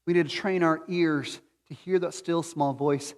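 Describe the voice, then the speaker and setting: A man preaching a sermon as pastor, moving between quiet reflection and loud, pleading appeals. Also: on the high side, steady tone, a little slow, clear, resonant tone, in a large hall. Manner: swings from hushed to near-shouting pleading. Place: church sanctuary.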